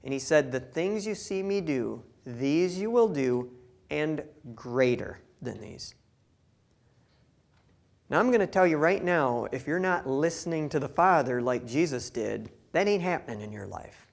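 A man's voice: a little high, expressive, unhurried, vocal fry. A male pastor delivering a sermon in a folksy, emphatic way. He reads scripture passages aloud and breaks into plain-spoken, down-to-earth asides to the congregation.

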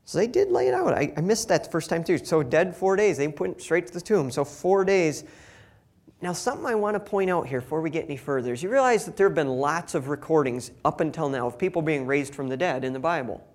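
A Bible teacher reads a scripture passage aloud and explains it casually and conversationally, acting out quoted lines in different voices. His voice is a little high, expressive, and a little fast.

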